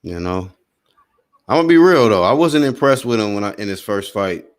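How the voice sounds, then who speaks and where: On a casual live stream, a man commentates a boxing match, calling punches with excitable slang and chatting with his viewers. His voice sits fairly low and he speaks at a normal speed.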